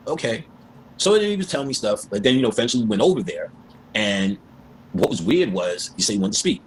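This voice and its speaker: Low voiced guy, talks quick and lively, slips into voices for the quotes, slight background hiss. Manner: animated, acts out voices in quotes. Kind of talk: casual storytelling and spiritual talk.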